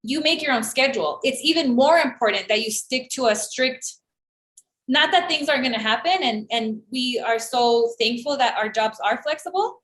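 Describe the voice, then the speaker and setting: A woman's voice: high-pitched, normal speed. A woman in her thirties co-hosting a casual podcast, telling stories with sarcasm and acting out the voices of other people. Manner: animated storytelling, acts out quoted voices, sarcastic. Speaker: podcast co-host. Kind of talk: casual chat. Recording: echoey room.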